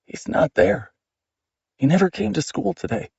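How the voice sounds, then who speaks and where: A man's voice: sits high, expressive, normal speed, gravelly, darkish tone, husky, no room sound, lo-fi sound, voice pushed up, full character voice. A man voicing a worried male teacher colleague, speaking urgently and earnestly.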